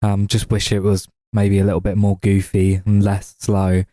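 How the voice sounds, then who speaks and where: Low mellow-voiced guy on a film podcast, flat and measured. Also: no room sound, studio quality. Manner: measured, hesitant, plain verdicts. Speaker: podcast co-host. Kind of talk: casual movie review chat.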